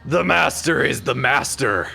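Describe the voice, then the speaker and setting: A man voicing a watchful male sheep built into a barn wall, who speaks flatly about serving his master. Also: mid-range voice, measured pace, creaky, music in the background. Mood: solemn.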